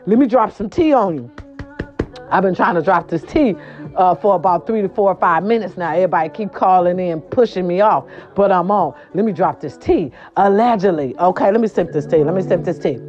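A woman hosting a casual gossip show, sassy and animated, swearing freely, with a hoarse voice from a sore throat. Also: on the low side, a little fast, highs cut off, faint music behind. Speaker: host.

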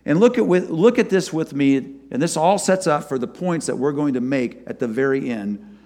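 A man preaching a sermon and retelling a scripture story, his voice swinging from loud to soft. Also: fairly high pitch, moderate pace. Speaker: pastor. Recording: long hall reverb.

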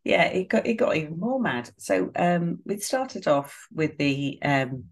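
Woman, podcast co-host, casual recap, deep voice, husky. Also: unhurried. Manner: relaxed recapping with fillers and laughs. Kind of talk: casual chat recapping a reality show.

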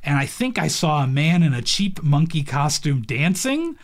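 Chatty man with a higher voice. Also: sing-song, normal speed. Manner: rambling, heavy use of "like", laughs often. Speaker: podcast co-host. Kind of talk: casual chat reviewing a movie.

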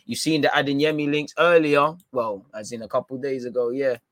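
Man, young adult, slangy livestream chat, mid-pitched, dry close sound. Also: flat delivery, normal speed, fairly bright tone, no room sound. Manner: laid-back slangy banter, trailing off into fillers. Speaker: football livestream host. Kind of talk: casual livestream chat reading viewer comments.

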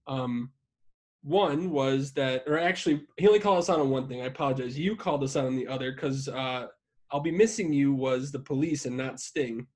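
A man's voice: mid-range voice, brisk, darkish tone. Profane, rambling podcast co-host man. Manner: profane, rambling, self-deprecating. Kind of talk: casual chat.

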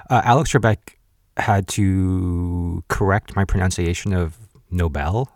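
A man's voice: deep voice, unhurried, a little mellow, no room sound, studio quality. A man in his thirties hosting a podcast, casually recapping a cooking show, chatty with frequent laughs and blunt asides. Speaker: podcast host.

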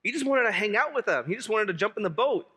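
A male pastor delivering a lively, joking sermon and driving points home by repeating them. His voice is high and bright, with a long reverb tail from a large hall. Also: quick pace, husky. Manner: animated, humorous, repeats key phrases.

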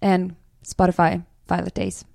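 Relaxed young woman musician, hedging speech. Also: fairly low pitch, unhurried, gravelly, no echo, clean studio sound. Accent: European, American-leaning English. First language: not English. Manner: relaxed, hedging, many fillers. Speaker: musician guest. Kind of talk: casual interview chat.

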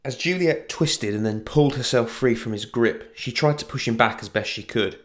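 A man narrating a fantasy story in an even storytelling manner. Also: medium pitch, normal speed.

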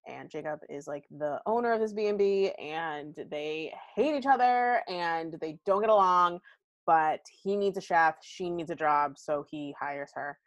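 Woman, podcast host, casual book chat, rambling and candid, lowish voice, dry sound. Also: a little slow, no echo. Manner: chatty and candid, rambling asides with frequent likes and ums.

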